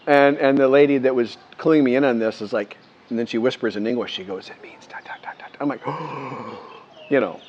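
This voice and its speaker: An older man from the United States talking casually to camera, rambling with many restarts and lively quoted voices. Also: medium pitch, a little hiss or hum. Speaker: vlogger. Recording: muffled lo-fi sound.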